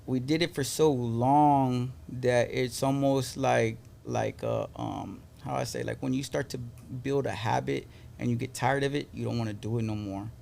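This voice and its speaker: A man, an Army veteran guest, talking in a relaxed, agreeable way in a casual chat. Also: mid-range voice, normal speed, gravelly, few pauses, a little hiss or hum.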